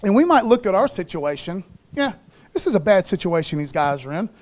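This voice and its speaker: A man's voice: high-pitched, sing-song, a little fast, darkish tone. A man pastor preaching a conversational sermon in slangy everyday talk, calling for responses from the congregation.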